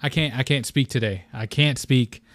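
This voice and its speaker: A young man hosting a casual gaming podcast alone, excitable and scatterbrained, rambling and swearing casually into a close mic. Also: mid-range voice, moderate pace, dry recording. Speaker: podcast host. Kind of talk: casual solo podcast chat.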